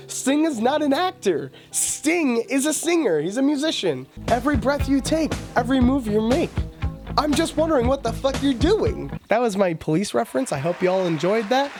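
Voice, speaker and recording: A man's voice: sits high, a little mellow. A man hosting a podcast in a casual film review rant, profane, exasperated and mocking. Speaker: podcast host.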